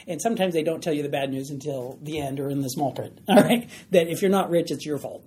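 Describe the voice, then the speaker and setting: A man's voice: on the high side, quick pace, dark tone. A man teaching a Bible study class, conversational and often checking in with the group. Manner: conversational, checks in with "all right?". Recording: faint background noise.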